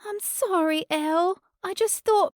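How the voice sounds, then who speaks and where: A woman voicing a shrill, sing-song, obsessive young woman with a Cockney accent in an audiobook. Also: a little slow, no echo, clean studio sound. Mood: crumbling.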